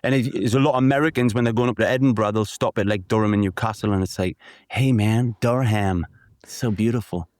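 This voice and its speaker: A man's voice: fairly low pitch, steady tone, very fast, hardly any pauses, no echo, clean studio sound. A man with a Geordie accent from North East England, chatting loosely and jokily as a podcast guest. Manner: chatty, jokey, loose rambling with restarts. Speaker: guest artist. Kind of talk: casual podcast chat.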